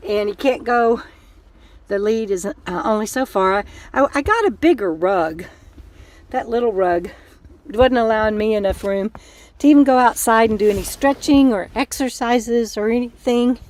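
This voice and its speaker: A woman's voice: fairly high pitch, normal speed, a little mellow, dry recording. A woman, hosting a casual live chat from home, talking with viewers and her dog. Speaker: host of a live coffee chat stream. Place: at home indoors.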